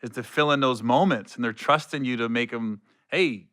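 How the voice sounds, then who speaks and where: A middle-aged podcast host tells stories in casual chat, laughing often and acting out quotes as an animated storyteller. His medium-pitched voice is brisk and clean, on a dry, studio-quality recording.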